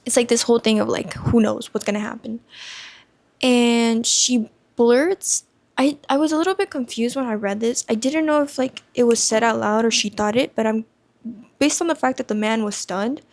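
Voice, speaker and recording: A woman's voice: on the high side, moderate pace. A young woman chatting casually about her first impressions of a book, rambling and leaning heavily on "like" as filler. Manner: rambling, heavy use of "like" fillers. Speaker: book vlogger.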